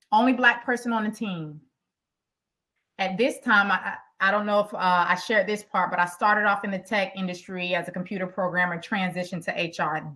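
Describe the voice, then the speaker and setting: A middle-aged woman, an executive coach, telling a story in an animated, emphatic way as she speaks directly to her workshop audience. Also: medium pitch.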